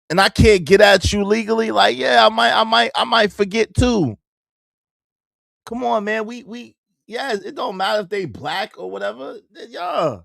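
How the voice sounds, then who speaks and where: Gravelly man teasing his live chat. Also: sits high, unhurried, fairly bright tone, no echo, clean studio sound. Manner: teasing, repeats phrases, talks back to chat. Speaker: live-stream host reading chat. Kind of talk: casual live-stream commentary.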